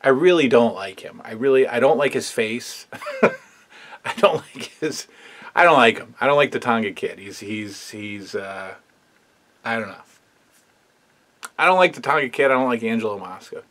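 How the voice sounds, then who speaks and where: A man's voice: mid-range voice, expressive, normal speed, long pauses, fairly bright tone. A man hosting a casual review show, talking in a rambling, opinionated way with lots of fillers. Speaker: wrestling history show host.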